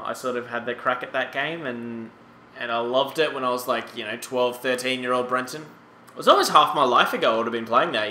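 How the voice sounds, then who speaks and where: A man's voice: mid-range voice, sharp tone, roomy sound, a little hiss or hum. A man in his late twenties giving casual, rambling commentary over a hockey video game and exclaiming at the results. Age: 20s. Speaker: gaming YouTuber.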